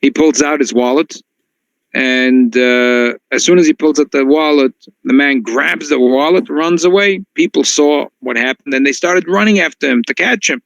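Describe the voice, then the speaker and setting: A man who is a rabbi, telling a story in a class. He talks in an animated way, often restarting his sentences and slipping in Yiddish and Hebrew phrases. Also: fairly high pitch, normal speed, vocal fry, no echo, highs cut off.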